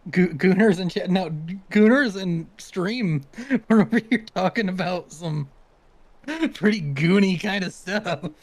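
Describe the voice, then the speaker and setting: A man's voice: high voice, a little slow, no echo. A man from the American South, chatting and teasing casually on a live stream, laughing often.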